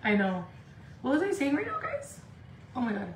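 A woman from Indio, California, chatting casually on a makeup livestream from home, talking fast and loose, swearing freely and saying "like" a lot. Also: fairly high pitch, sing-song, far from the mic. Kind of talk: casual live-stream chat. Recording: echoey room with faint background noise.

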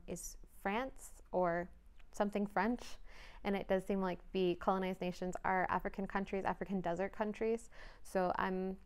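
Chatty young woman with a smooth voice. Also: medium pitch. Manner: chatty, thinking aloud with frequent hedges. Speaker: book reviewer. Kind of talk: casual vlog chat.

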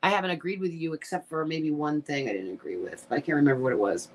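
A deep, fast-talking female voice with a slight hiss or hum comes from a middle-aged woman hosting a laid-back livestream. She reads viewers' comments and answers with blunt emotion and lots of swearing, at times becoming tearful.

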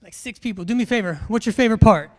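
A man leads a military class through a briefing. His voice sits unusually high for a man. He jokes, teases and fires questions at the crowd with lively energy. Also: rapid-fire. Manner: joking, animated, quizzes the crowd. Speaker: military education instructor. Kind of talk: humorous briefing to a large class.

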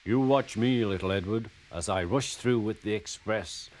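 A man's voice: on the low side, moderate pace, darkish tone, slight background noise, natural voice. A man doing big boastful engine Gordon. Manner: pompous, boastful. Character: big proud boastful male express engine. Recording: music playing underneath. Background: music.

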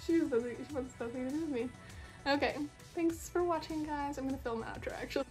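A woman's voice: sits high, fast, darkish tone, soft background music. Chatty young woman with a sick voice. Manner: chatty, self-deprecating, rambling. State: sick, stuffy voice. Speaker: beauty vlogger. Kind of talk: casual makeup tutorial chat.

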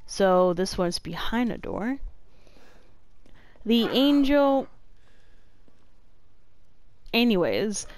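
A woman narrating a horror game as she plays, swearing a lot and moving from flat muttering to panicked yelps. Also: medium pitch, extremely slow, long pauses. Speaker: gamer. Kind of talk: let's play commentary.

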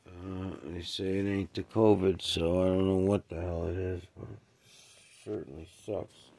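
A sick, short-of-breath man at home with his cats, cooing to them in a raised voice and otherwise muttering low in casual chat. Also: flat delivery, measured pace, vocal fry, warm tone. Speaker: cat owner filming his pets.

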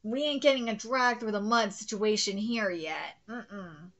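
A woman hosting a live reaction, reading a comic aloud and swearing and shrieking with excitement. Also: mid-range voice, a little slow, dull audio. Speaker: host.

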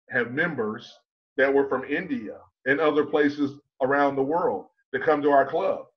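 The sound is lo-fi as a man with a mid-range voice coaches on public speaking in an online conference talk. He asks rhetorical question after rhetorical question with emphasis, easing his pace to underline key points.

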